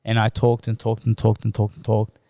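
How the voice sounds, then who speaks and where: A man's voice: on the low side, completely flat delivery, a little fast, mellow, no echo. An Australian man in his thirties, a podcast guest telling a painful personal story in loose, conversational speech, often replaying past conversations as dialogue. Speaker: podcast guest, former boxer.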